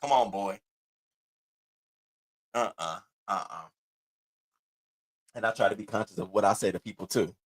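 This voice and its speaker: A man hosting an online show, telling a story in a loud, profane, animated rant and acting out the other people's voices. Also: fairly low pitch, normal speed, long pauses, husky. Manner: acts out the other voices in his stories. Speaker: host of an online news show. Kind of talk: casual livestream rant.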